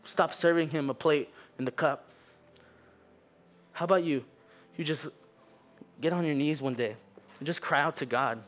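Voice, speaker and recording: Young man, church sermon, casual, joking, filler-heavy, raised pitch. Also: normal speed, pauses often, fairly bright tone. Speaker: youth preacher, pastor's kid. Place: church sanctuary.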